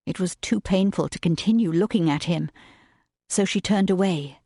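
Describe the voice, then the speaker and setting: A woman narrating a romance audiobook in a measured, gentle way. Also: fairly low pitch, dry recording, clean studio sound. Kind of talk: scripted narration.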